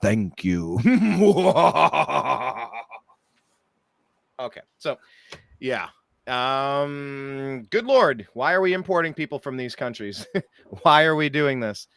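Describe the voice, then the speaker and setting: A male talk show host in casual political chat, speaking in an animated, exasperated way with mocking asides. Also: medium pitch, measured pace, clear, resonant tone, no echo, studio quality.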